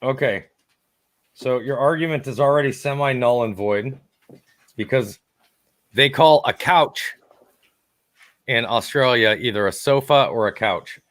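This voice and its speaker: A man's voice: medium pitch, a little slow, pauses often, fairly bright tone. Giggly man steering a podcast chat. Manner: laughs often, steers the discussion. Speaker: podcast co-host. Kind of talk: casual comedic chat.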